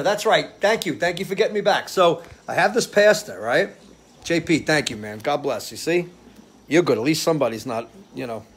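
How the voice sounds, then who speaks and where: A man with a husky, somewhat high voice hosts a laid-back live stream from his porch under a ceiling fan. He tells rambling stories and often loses his train of thought.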